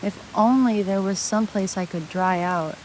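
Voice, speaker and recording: A woman voicing a lonely young duckling who speaks in a soft, sorrowful voice. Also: medium pitch, normal speed, slight background noise, close to an everyday voice.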